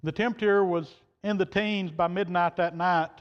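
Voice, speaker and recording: A man's voice: sits high, fairly even intonation, normal speed. A man preaching a sermon, telling a story in a folksy, plain-spoken way and quoting the people in it. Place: church sanctuary. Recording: dull reverberant church hall audio.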